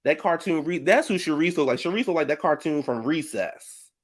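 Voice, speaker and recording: A man's voice: on the high side, expressive, fairly quick. A man giving a sassy reality TV reunion recap, flamboyant, shady and theatrical. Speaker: reality TV commentator.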